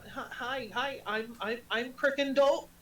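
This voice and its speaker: A man's voice: very high-pitched, fairly even intonation, unhurried, sharp tone, reverberant, recorded from a distance, full character voice, rough recording. A man voicing a timid young male devil who keeps a pet chicken, stammering and meek. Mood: sheepish.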